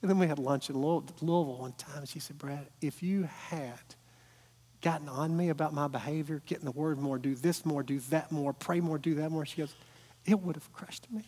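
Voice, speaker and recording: A man's voice: a little high, a little fast, dark tone. A middle-aged man preaching a sermon, telling family stories with earnest build-ups to emphatic points. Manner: earnest storytelling, rising to emphatic peaks. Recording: long hall reverb.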